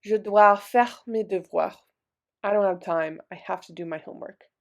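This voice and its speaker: A woman's voice: mid-range voice, gravelly. A young adult woman teaching a French vocabulary lesson, repeating each word patiently and giving the English after it. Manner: slow, patient drilling with repeated words. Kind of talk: vocabulary lesson, repeating words then translating.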